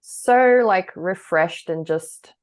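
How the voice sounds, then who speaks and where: A woman's voice: lowish voice, slow. A woman co-hosting a podcast, talking candidly and rambling, often laughing between thoughts. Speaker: podcast co-host. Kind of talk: casual chat.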